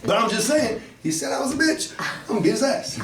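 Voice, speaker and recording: A man from Flint, Michigan telling a profane comic story at an open mic, dropping to low mutters and bursting into shouts. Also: a little fast, music in the background. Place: cafe open mic night. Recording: echoey room, mic far off, faint noise.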